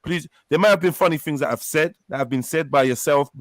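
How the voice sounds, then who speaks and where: A man's voice: fairly high pitch, fast talker, dry recording. A Nigerian-born man hosting a live panel, arguing heatedly, interrupting and repeating his demands.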